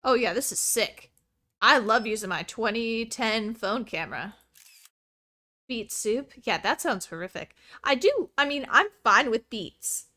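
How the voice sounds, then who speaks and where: A woman streamer giving chatty, excitable let's play commentary full of rambling asides. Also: a little high, a little slow.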